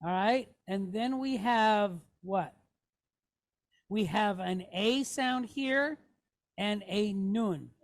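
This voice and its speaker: Woman teacher going real slow through a lesson, patient, keeps asking the class okay?. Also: mid-range voice. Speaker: Hebrew teacher.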